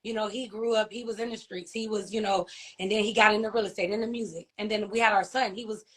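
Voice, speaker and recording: As an interview guest, a woman who is an author and a grieving mother tells of her loss in emotional personal testimony. She has a mid-range, steady, slightly bright voice, and her heartfelt speech halts often with fillers, restarts, and the repeated question "you know what I mean?"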